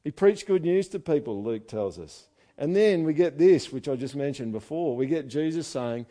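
An Australian man preaching a sermon, animated and joking, with loud asides and quiet readings. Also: a little high, moderate pace, hardly any pauses. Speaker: pastor.

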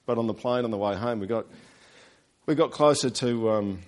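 A man with an Australian accent preaching a sermon, talking to his congregation in a relaxed way and dropping in quick rhetorical questions. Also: mid-range voice. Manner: conversational, with rhetorical tag questions. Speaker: pastor.

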